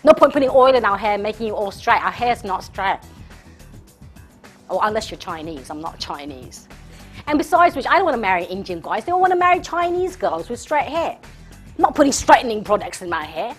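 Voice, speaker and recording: A woman's voice: medium pitch, sing-song, fairly quick, faint music behind, voice pushed up, natural voice. A woman voicing a tough, brash young woman who talks in a mouthy, slangy way, as a comic character sketch. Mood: defiant.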